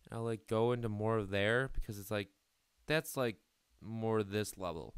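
Teen male let's-player, crude self-mocking rambler, smooth voice, dry close sound. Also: fairly low pitch, moderate pace, no room sound. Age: late teens. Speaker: gaming YouTuber. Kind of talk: casual gameplay commentary.

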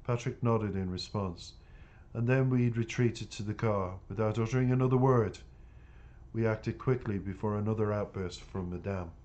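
Guy reading his book out loud, lowish voice, steady. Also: normal speed, highs cut off. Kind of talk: audiobook narration.

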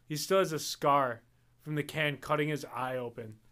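A young man with a slightly high voice chats casually on a podcast. He tells stories in a loose, profane way and laughs easily. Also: steady tone, moderate pace, fairly bright tone. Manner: storytelling, swearing, laughing often. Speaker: podcast co-host. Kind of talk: casual chat.

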